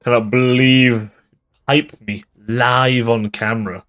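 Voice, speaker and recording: A man with a fairly low voice casually narrates his own live strategy gameplay at an unhurried pace. He jokes, swears, and acts mock-offended as he plays.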